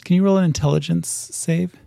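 A male game master narrating a tabletop game, describing scenes unhurriedly with many ums. His voice has a gravelly edge. The recording is dry and close. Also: on the high side, steady tone, fairly quick, dark tone, no room sound.

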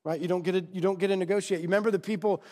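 This man races through his sermon in a high, steady voice with a darkish tone. Preaching conversationally in a church sanctuary, he keeps checking in with the congregation via rhetorical questions, and the big hall lends a long reverb.

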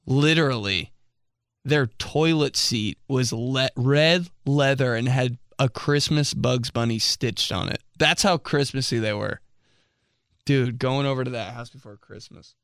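Here a young man hosting a podcast spins a rambling story, his smooth mid-range voice a bit bright, dropping plenty of "like"s, cursing without hesitation and laughing along the way. The sound is clean studio quality, free of room sound.

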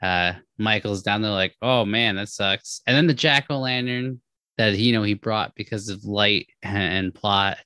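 A man co-hosting a podcast, recapping a horror novel in a casual, animated way with lots of asides and restarts. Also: lowish voice, moderate pace, smooth, no echo. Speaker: podcast co-host. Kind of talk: casual book discussion.

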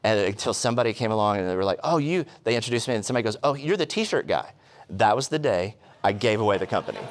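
A man preaching a sermon, telling stories with quick humorous asides and rhetorical questions. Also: mid-range voice, background noise. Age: adult, past college. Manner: animated storytelling with asides. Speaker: pastor.

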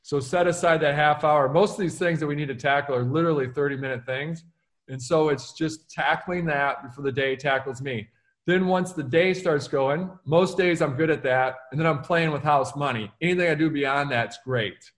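A man, an author and keynote speaker, answering interview questions in an energetic, emphatic way, often acting out quoted dialogue. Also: a little high, normal speed.

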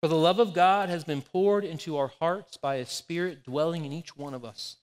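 A pastor in his forties delivers a conversational sermon packed with personal anecdotes, telling them in an animated way. His smooth voice leans high and moves at a normal speed, with the sound of a big room around him.

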